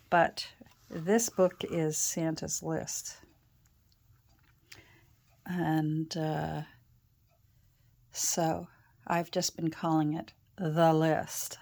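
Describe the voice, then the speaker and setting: Slow, chatty Canadian woman crafter. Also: lowish voice. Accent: Canadian, Ontario. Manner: rambling, chatty, with fillers and self-corrections. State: voice slightly off after a sore throat. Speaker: crafter and channel host. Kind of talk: casual chat while crafting. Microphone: own external microphone.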